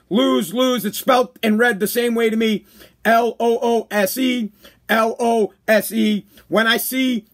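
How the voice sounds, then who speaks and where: A man's voice: very high voice, fairly bright tone. A man hosting his own live-stream podcast, talking in a brash, emphatic, self-mocking way and calling listeners "bro.". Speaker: podcast host. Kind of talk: casual live-stream monologue.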